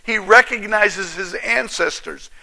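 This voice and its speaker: A male preacher with a high, bright voice delivers a sermon. He reads scripture with weight and keeps checking in with his congregation through quick questions. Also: vocal fry.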